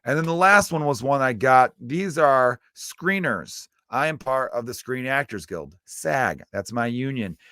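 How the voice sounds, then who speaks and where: A man's voice: medium pitch, expressive, unhurried, hardly any pauses, pushed and bright, dry recording, studio quality. A man from the United States hosting his own comedy podcast, rambling through a casual rant with loose, profane, self-mocking asides. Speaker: stand-up comedian podcast host.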